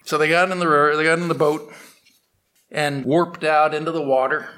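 A man telling a story aloud, unscripted, with restarts and slowed dramatic pacing. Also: on the high side, little pitch movement, bright, forceful tone. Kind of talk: oral storytelling.

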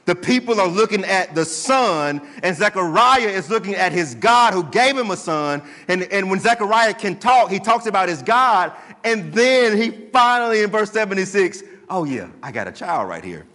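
A man preaching a sermon as pastor, animated, acting out the voices of people in his story. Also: high-pitched, moderate pace. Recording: long hall reverb.

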